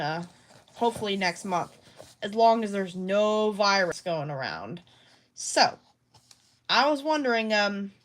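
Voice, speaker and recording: A woman vlogging casually at home about her craft projects, rambling and hesitant with many restarts. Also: medium pitch. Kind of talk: casual talk to camera.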